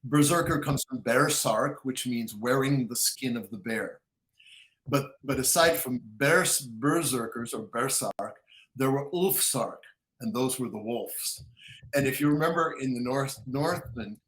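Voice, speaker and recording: A man talking as a guest author in a casual interview, excitable storyteller with frequent restarts who acts out quotes. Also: mid-range voice, a little slow, roomy sound, low-quality recording.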